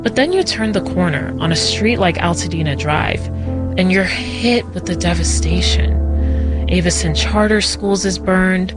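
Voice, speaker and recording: A woman's voice: lowish voice, measured pace. Female reporter narrating over music. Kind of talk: news narration.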